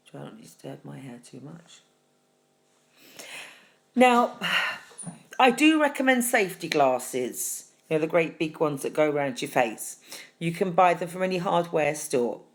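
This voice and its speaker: A middle-aged woman hosting a deadpan comic tutorial, chatty and fussy, calling viewers darling. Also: sits low, a little slow, vocal fry, pauses often. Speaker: host.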